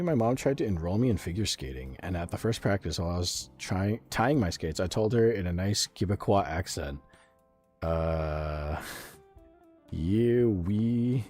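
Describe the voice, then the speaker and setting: This American man's voice is deep and darkish with a breathy edge. He's streaming a video game, chatting casually over live gameplay, laughing a lot, cursing freely and replying to his chat.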